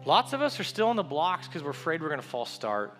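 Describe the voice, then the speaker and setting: A man preaching a sermon, telling a story and building to a loud, repeated call with rising refrains. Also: on the high side, huge pitch swings, quick pace, soft background music.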